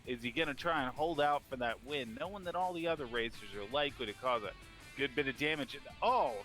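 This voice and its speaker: A man giving eager play-by-play commentary on a video game race, rising in excitement at each crash. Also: medium pitch, quick pace, faint music behind.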